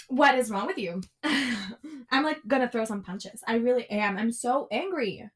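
A woman's voice: on the high side, measured pace, noisy background. A young woman hosting her own podcast, chatting casually and ranting with frequent swearing and "like" fillers. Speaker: podcast host. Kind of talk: casual solo podcast chat.

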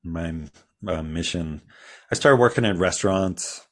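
A man's voice: low-pitched, a little slow. A man guest on a podcast, telling his own story in a rambling, casual way with frequent restarts and small laughs.

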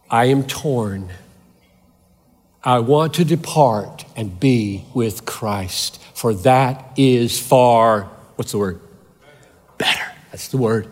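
A man preaching a sermon as a pastor, impassioned, swinging between loud emphatic peaks and quiet intensity. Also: medium pitch, in a large hall.

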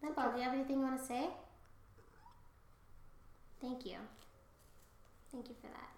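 A woman co-hosting a podcast in casual chat, excitable and sweary, loudly acting out quotes. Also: high-pitched, moderate pace, reverberant. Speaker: podcast co-host. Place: home room.

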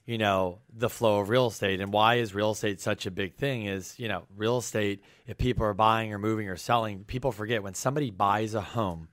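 A man co-hosting a podcast in casual chat, talking with an energetic, hyped-up delivery. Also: fairly low pitch, fairly quick, hardly any pauses, dry recording. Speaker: podcast co-host.

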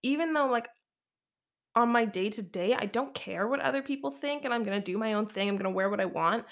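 A woman's voice: a little high, brisk. A young Canadian woman hosting her own podcast, talking casually on her own and laughing often, with lots of "like" in her speech. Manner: chatty, laughs often, says "like" a lot. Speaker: podcast host. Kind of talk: casual solo podcast monologue.

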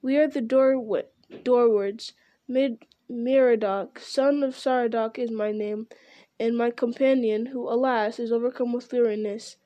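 A woman's voice: fairly high pitch, steady tone, unhurried, dark tone, dry recording, natural voice. A woman reading a courteous young male hobbit, politely formal and mock-grave. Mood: formal welcome.

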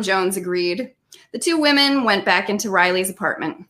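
A woman's voice: medium pitch, moderate pace. A woman author on a video call reading aloud from her own novel, with laughing asides. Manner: lively reading with laughs and self-aware asides.

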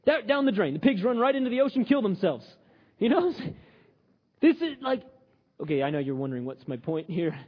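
A man preaching with a high, very lively voice that leaps up and down as he jokes and talks to the crowd. His tone is a little husky, and the sound is muffled, with a long reverb tail from a large hall. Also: normal speed. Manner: animated, joking, conversational preaching. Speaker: pastor. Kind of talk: sermon.

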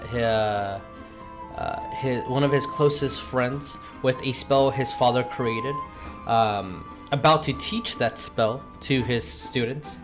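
Give me a slow, halting male game master recapping a session over faint music. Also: medium pitch. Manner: slow, halting narration with many pauses.

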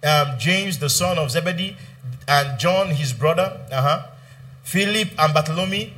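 A man's voice: on the high side, moderate pace, a bit bright. A male pastor preaching a sermon in church, asking the congregation for amens and acting out Bible scenes. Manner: preaching with call-and-response prompts and dramatized Bible quotes.

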